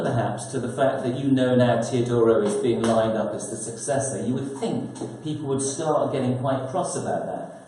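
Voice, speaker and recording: Author, mellow voice, thoughtful talk with rhetorical questions, echoey conference hall. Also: male voice, mid-range voice, slight background noise. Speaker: author and speaker at a press conference. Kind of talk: prepared talk to an audience.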